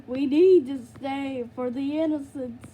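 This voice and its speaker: A woman's voice: sits high, steady tone, a little slow. A young woman voicing a female briar patch critter, begging over and over in a melodramatic way, in a noisy home recording. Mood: pleading.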